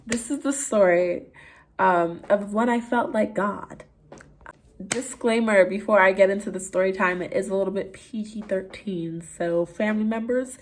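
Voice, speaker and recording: A young woman from Canada, a vlogger telling a candid, animated story to her camera. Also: medium pitch, moderate pace. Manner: candid, animated storytelling with swearing and quoted voices. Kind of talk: casual story time.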